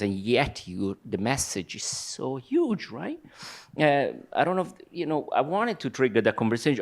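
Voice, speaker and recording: A man film director on a festival panel, searching for words and restarting his sentences often. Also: medium pitch.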